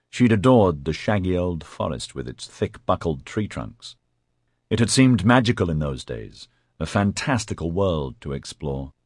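Deep, expressive male audiobook narrator. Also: dry recording, clean studio sound. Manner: expressive, dramatic storytelling. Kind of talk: scripted narration.

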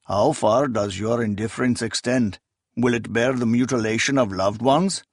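A cold, calculating sorcerer spymaster, as a male narrator puts him on, speaking with measured, quietly menacing calm at a middling pitch. The sound is dry and close, with no room around it. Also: no room sound, close to an everyday voice.

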